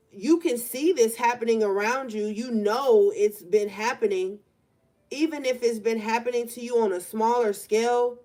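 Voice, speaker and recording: A woman's voice: fairly high pitch, a little mellow. Casual woman reading tarot cards. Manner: casual, conversational, drawn-out emphasis. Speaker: tarot reader. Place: room by an open window.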